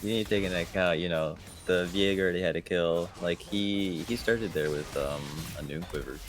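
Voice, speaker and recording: A man giving live esports color commentary in a calm, laid-back, understated way. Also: deep voice, brisk. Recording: noisy stream audio.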